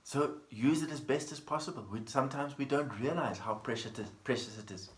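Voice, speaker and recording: A man of middle pitch gives a Buddhist dharma talk, calm and gentle, telling a simple story and circling back to key phrases. His voice carries the echo of the room around him. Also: a little fast, slight background noise. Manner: gentle, storytelling with plain repetition. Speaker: Buddhist teacher. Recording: echoey room.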